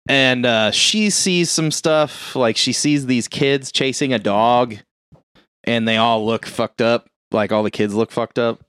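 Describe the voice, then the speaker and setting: A man recaps a horror movie in loose, rambling chat, peppering it with profanity and little acted-out lines from the characters. His voice sits at an ordinary middle pitch. The sound is dry and close. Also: unhurried, fairly bright tone, clean tone, no room sound. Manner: profane, rambling, acts out quotes. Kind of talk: casual chat, retelling a movie.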